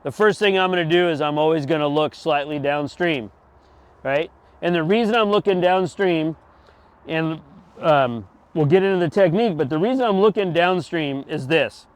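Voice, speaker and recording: Man, middle-aged, fishing instructor; smooth, clear tone, slightly high, demonstrating patiently and checking "okay?". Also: normal speed. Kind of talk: outdoor how-to lesson.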